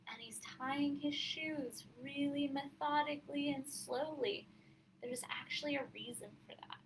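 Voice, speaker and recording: A woman coach talking casually on a live stream, chatty and candid and quick to laugh. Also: a little high, a bit bright, a little hiss or hum, low-quality recording.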